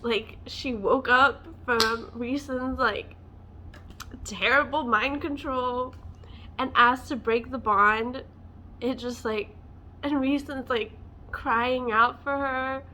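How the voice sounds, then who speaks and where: A woman's voice: sits high, fairly even intonation, slow, pushed and bright, a little hiss or hum. Passionate woman ranting about books. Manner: passionate, emotional, many fillers like "like". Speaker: book vlogger. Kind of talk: casual book rant to camera.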